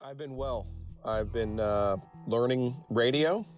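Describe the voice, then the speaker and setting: A man's voice: mid-range voice, slow pace, faint music behind. A man being interviewed as a guest, talking casually and working his thoughts out aloud. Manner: relaxed, thinks aloud with fillers and restarts. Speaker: guest, sports journalist and radio personality.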